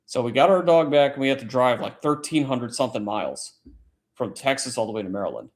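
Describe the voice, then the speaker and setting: A man's voice: medium pitch, lively intonation, quick pace. A man hosting a casual late-night chat stream, telling a long story in a rambling, profane way. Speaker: livestream host; military service member.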